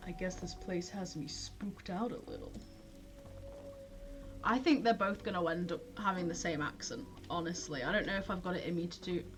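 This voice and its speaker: A woman's voice: on the low side, moderate pace, over music. A young woman streamer chatting casually and self-deprecatingly while she plays a detective game, often giggling. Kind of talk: casual gameplay commentary.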